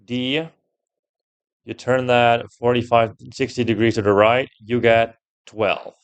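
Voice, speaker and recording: A young man commenting while he plays a puzzle game, thinking out loud, swearing often and getting loudly frustrated. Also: mid-range voice, fairly even intonation, takes it slowly, smooth. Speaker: gameplay streamer.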